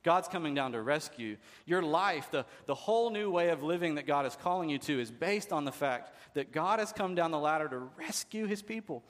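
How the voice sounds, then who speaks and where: A man's voice: on the high side, expressive, a little fast, hardly any pauses. A man preaching a sermon as pastor, talking conversationally and asking the congregation rhetorical questions. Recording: long hall reverb.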